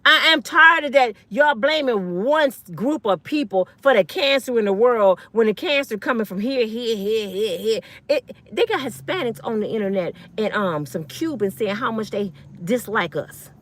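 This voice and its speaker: A woman's voice: fairly high pitch, animated, moderate pace, few pauses, fairly bright tone, slight background noise. Fiery, blunt woman in her fifties. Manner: blunt, fiery, profane, slangy. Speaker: online commentator. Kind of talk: ranting monologue.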